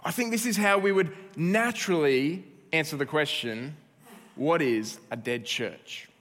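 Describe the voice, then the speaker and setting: A man's voice: on the high side, a little slow, a bit bright, long reverb tail. A man preaching a sermon as pastor, conversational and with joking asides.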